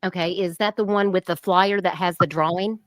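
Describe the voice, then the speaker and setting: A woman's voice: on the low side, fairly even intonation, fairly quick, no room sound. A woman co-hosting a casual livestream, talking to viewers in the chat by name. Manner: chatty, addresses viewers by name. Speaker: livestream co-host.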